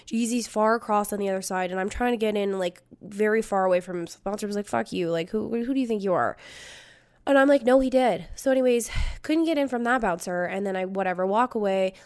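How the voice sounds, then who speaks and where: A woman's voice: mid-range voice, fast talker, few pauses, smooth. A woman in her thirties telling a story casually, cursing freely and acting out the quotes as she laughs through it. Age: 30s. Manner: profane, animated, laughing retelling with acted-out quotes.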